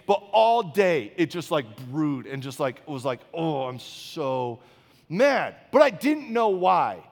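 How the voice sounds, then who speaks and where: High-voiced male pastor preaching in a reverberant hall. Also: big pitch swings, normal speed. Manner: conversational, storytelling, frequent "okay?" check-ins. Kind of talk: sermon.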